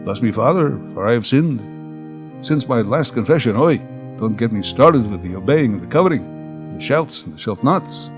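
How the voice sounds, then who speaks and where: A man's voice: medium pitch, animated, soft background music, natural voice. A man doing a kvetching New comic. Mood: indignant. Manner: punchy kvetching rhythm, rapid quips. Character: boy doing a brash Jewish stand-up comic.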